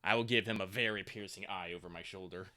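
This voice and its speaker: Lowish-voiced man playing a tabletop game. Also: steady tone, fast talker, pushed and bright. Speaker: player. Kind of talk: tabletop game play, casual.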